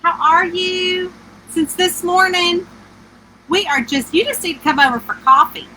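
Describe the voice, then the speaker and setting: Speaking from inside a small camper with the air conditioner running, a middle-aged author hosts a livestream on her phone in a high, squeaky, twangy voice that sits well up in the higher range. Her tone is sharp and bright, and she chats loosely and unhurriedly, greeting each viewer by name. The recording is rough, with slight background noise.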